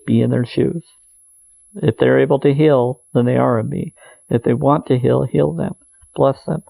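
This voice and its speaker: A man's voice: medium pitch, fairly even intonation, normal speed, gravelly, mellow, dry recording, rough recording. A man giving an earnest, meandering spiritual monologue, repeating phrases as he goes. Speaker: spiritual video maker.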